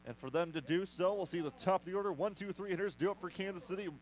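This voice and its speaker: A man doing play-by-play commentary for a baseball radio broadcast, brisk with playful asides. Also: sits high, poor audio. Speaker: play-by-play announcer.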